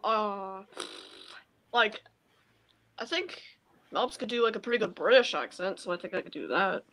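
A woman in casual chat, excitable yet hesitant, thinking out loud. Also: mid-range voice, moderate pace. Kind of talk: casual chat, playful skits.

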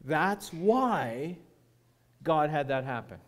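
A man preaching as a guest speaker, telling a personal story with dramatic pauses and hushed moments. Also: fairly high pitch, big pitch swings.

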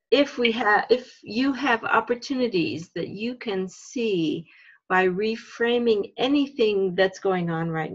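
Unhurried woman leading a teacher workshop. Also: fairly low pitch, breathy edge, muffled recording. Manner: slow and thoughtful, explaining step by step. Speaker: religious education leader.

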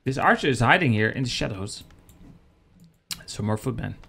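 A man casting a strategy game match live, chatty and excitable, talking to viewers as guys. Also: mid-range voice, normal speed, vocal fry, breathy edge. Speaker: esports caster.

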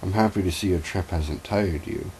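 Grinning kidnapper, done by a man, deep, courteous, menacing. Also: darkish tone, a little hiss or hum. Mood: smug. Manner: slow, smooth, mock-polite menace. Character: smug sinister male kidnapper, grinning villain.

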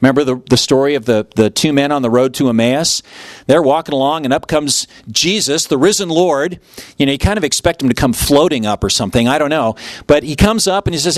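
A man's voice: a little high, lively intonation, fairly quick, no echo, clean studio sound. A man preaching a sermon as pastor, telling the story vividly and acting out the voices of its people. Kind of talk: expository sermon.

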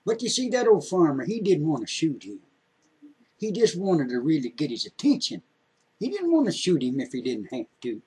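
A man telling a folksy story in an unhurried, homespun way. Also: a little high, wildly swooping pitch, darkish tone, breathy edge, poor audio.

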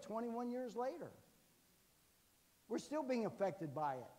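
A man's voice: high voice, a little mellow. Folksy older man preaching in a reverberant hall. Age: 60s. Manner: folksy, jokey storytelling with frequent "amen". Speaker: guest preacher. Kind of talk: sermon. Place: church sanctuary.

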